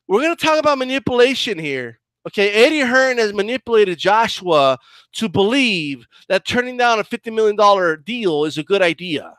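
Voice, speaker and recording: A man's voice: high-pitched, expressive, moderate pace, fairly bright tone, no echo. A man with a combative, profane style, ranting heatedly as he reacts to a clip in boxing commentary.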